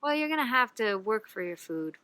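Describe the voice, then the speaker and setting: A woman's voice: a little high, sing-song, brisk, sharp tone, no echo. A woman voicing a stingy town miser who speaks curtly and grudgingly. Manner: curt, grudging.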